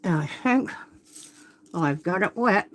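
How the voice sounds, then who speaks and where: A woman's voice: lowish voice, animated, measured pace, a bit bright. Chatty woman painting live on stream. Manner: chatty, self-interrupting, apologetic. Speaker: watercolor artist hosting a live stream. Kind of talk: casual live demonstration chat. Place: home art workspace. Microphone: phone camera.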